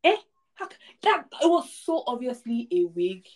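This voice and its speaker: A woman's voice: fairly high pitch, very animated, normal speed. A woman co-hosting a casual podcast, talking emphatically about a film and repeating points for effect. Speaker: podcast co-host. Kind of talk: casual movie review chat.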